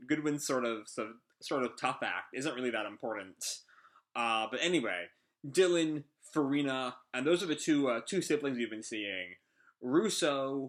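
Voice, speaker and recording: A man's voice: medium pitch, a bit bright. A man hosting a casual live reaction to a manga chapter, rambling with lots of fillers.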